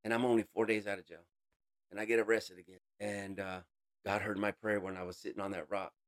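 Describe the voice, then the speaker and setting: A man giving an emotional personal testimony in an interview, earnest, calling the listener bro, voice rising high and dropping to a hush. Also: little pitch movement, brisk. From United States. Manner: swings between raised intensity and hushed quiet. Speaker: interview guest.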